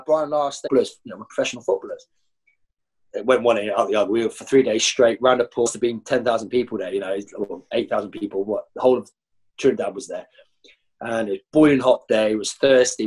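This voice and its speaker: A husky man recounts his stories in an animated, rambling way. His mid-pitched voice leaps upward whenever he acts out teammates and coaches, and he is a former footballer chatting as a guest. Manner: animated, jumps high when acting out others. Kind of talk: anecdotal storytelling.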